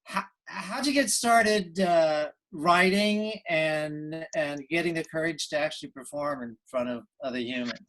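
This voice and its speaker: A man hosting a video call interview, laughing often and asking halting questions. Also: fairly high pitch, fairly bright tone. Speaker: host.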